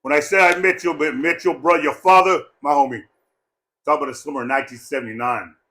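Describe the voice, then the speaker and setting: A man giving a rambling, joking eulogy at a memorial gathering, loud and full of swearing. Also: on the high side, steady tone, fast. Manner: profane, loud and jokey, breaks into laughter.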